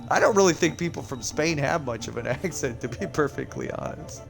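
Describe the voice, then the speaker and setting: List. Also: male voice, mid-range voice, a little fast, creaky, faint music behind. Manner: incredulous, excitable, loud exclamations. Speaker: game streamer. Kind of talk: live stream commentary.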